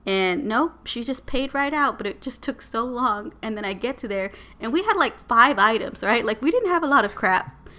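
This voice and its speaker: A woman, telling a story as a podcast co-host in a casual, animated and exasperated way. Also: on the high side, moderate pace. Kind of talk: casual chat.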